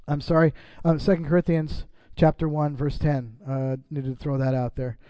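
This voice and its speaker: A man's voice: on the high side, steady tone, normal speed, dark tone, no echo. A middle-aged man preaching a sermon as pastor, reading scripture and breaking off into casual asides to the congregation.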